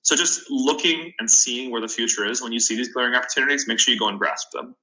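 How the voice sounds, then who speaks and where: A man's voice: medium pitch, fast, pushed and bright, low-quality recording. A man in his twenties, a podcast guest and startup founder, giving earnest advice in a casual interview, often restarting his sentences. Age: 20s.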